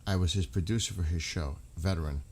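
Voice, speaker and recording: Deep-voiced man, halting and emotional. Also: darkish tone, slight background noise. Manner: halting, emotional, restarts often. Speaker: streamer. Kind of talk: casual live-stream talk.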